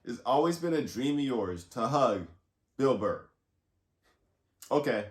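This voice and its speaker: A man's voice: mid-range voice, lively intonation, slow pace. A man hosting a reaction video, chatting casually and speaking directly to his viewers. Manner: chatty, asks viewers to comment. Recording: roomy echo.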